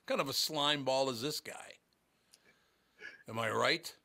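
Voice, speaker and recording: A man's voice: mid-range voice, a little slow, vocal fry, pushed and bright, dry recording. A man hosting a radio show in a casual, joking, rambling way.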